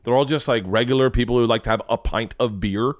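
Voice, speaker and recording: A man hosting a casual podcast chat, rambling and swearing with excitable energy. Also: medium pitch, fast talker, slight background noise. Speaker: podcast host.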